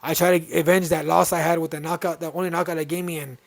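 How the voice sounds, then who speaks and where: A man's voice: a little high, fast talker, gravelly, no room sound. A man, telling a story in casual podcast talk and acting out the dialogue. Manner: animated, acts out quoted dialogue. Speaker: podcast host.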